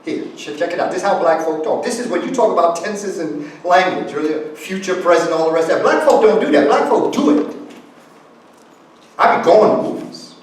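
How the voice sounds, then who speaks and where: A man gives an animated lecture, his fairly high voice bouncing between phrases he acts out. He is recorded from well back in a very echoey meeting room with faint background noise. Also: a little fast. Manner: animated, acts out example phrases, coaxes audience to join in. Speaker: guest speaker. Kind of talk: lecture to a live audience. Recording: echoey room, far from the mic.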